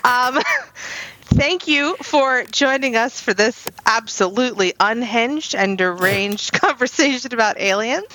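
A woman's voice: a little high, a little slow, low-quality recording. A woman in her late thirties co-hosting a podcast, telling stories in casual chat with frequent giggles. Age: late 30s. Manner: giggly, animated storyteller; self-described anxious. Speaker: podcast co-host.

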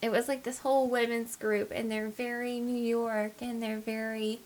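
A woman's voice: fairly high pitch, level tone, normal speed, darkish tone. A woman co-hosting a podcast, talking frankly and chattily about her own experiences. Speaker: podcast co-host. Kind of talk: casual chat.

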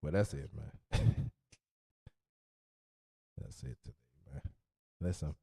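A man hosting a relationship podcast, wrapping up the show in a loose, animated way with plenty of slang. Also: very deep voice, slow pace, creaky, slightly rough. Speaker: podcast host. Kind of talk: casual sign-off monologue. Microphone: podcast mic.

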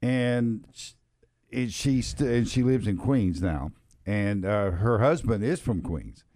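A man's voice: lowish voice, animated, slow pace, darkish tone, no room sound, clean studio sound. A Texas-accented man co-hosting a sports radio show, telling stories in a hesitant way full of restarts. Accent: Texan. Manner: hesitant, many ums and restarts. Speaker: radio co-host. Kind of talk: casual on-air chat.

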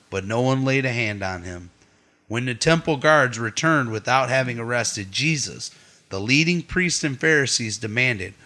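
A man's voice: mid-range voice, sharp tone. A man leading his family's Bible study at home, reading scripture aloud and stopping for chatty asides to his listeners. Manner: reads steadily, adds chatty asides to the listeners.

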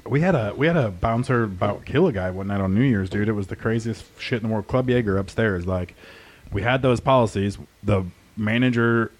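Fast-talking profane storyteller man. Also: fairly low pitch. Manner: profane, animated storyteller acting out quotes. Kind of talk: casual storytelling chat.

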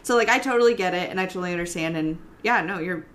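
A woman's voice: lowish voice, fast, a bit bright, slight background noise. A young woman hosting a podcast, chatting casually, swearing freely and laughing easily. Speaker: podcast host. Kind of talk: casual chat.

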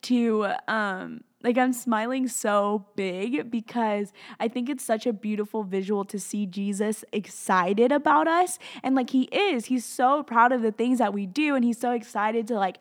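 A woman's voice: on the high side, a little slow, few pauses. A young woman from Tennessee and Alabama with a Southern accent, telling a story in a casual vlog, chatty and gushing, full of "like" fillers. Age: young adult.

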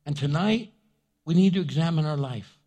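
A man pastor preaching a sermon in an animated, jokey way. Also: a little high, moderate pace.

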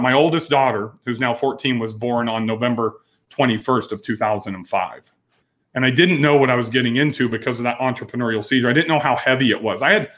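A man in his forties talks frankly as an interview guest, earnest and direct. His voice sits at an ordinary middle pitch, and he often stops to restart a phrase. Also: a bit bright. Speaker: entrepreneur guest. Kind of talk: candid interview storytelling.

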